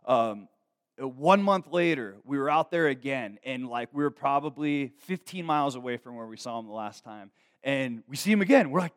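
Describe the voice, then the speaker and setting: A young man preaching a sermon in a casual, conversational way, telling personal stories full of fillers and rising to excitement as the story builds. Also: medium pitch, moderate pace.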